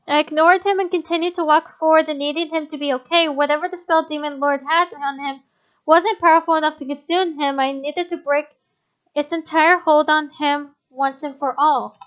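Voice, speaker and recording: High-voiced woman reading a visual novel aloud. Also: steady tone, moderate pace, fairly bright tone, highs cut off. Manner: stumbles over words, breaks off to comment. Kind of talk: reading game text aloud with reactions.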